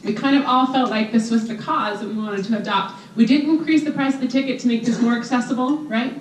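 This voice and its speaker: A woman in her thirties speaks to a reunion crowd in a chatty, emotional, rambling way. Her voice sits a bit high. She is heard from a distance in a roomy, echoey hall. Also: fairly even intonation, fast, a little hiss or hum. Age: 30s. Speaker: reunion organizer. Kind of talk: informal announcements to a crowd.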